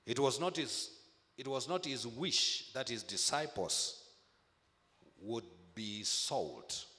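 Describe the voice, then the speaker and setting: A man preaching a sermon in a slow, deliberate cadence, his low voice swinging widely from high bursts to deep drops. He repeats phrases for emphasis, and his words ring out with a long reverb as if across a large hall. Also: expressive, sharp tone.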